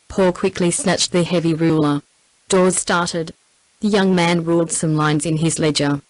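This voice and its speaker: Australian female TTS narrator, low and level, dry close sound, steady audiobook read. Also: normal speed, dry recording, rough recording. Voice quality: even synthetic text-to-speech delivery. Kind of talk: scripted narration.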